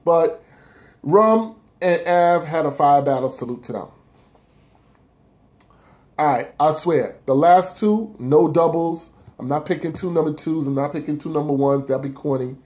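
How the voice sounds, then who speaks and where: A man's voice: a little high, measured pace, a little mellow. A man casually counting down his favorite rap battles of the year on his own blog, talking loosely and cursing freely. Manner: loose, profane, rambling street talk.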